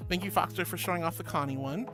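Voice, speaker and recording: A woman's voice: on the low side, fast, music in the background. A woman streaming as a VTuber host, chatting casually, reading chat aloud and thanking viewers with affectionate pet names.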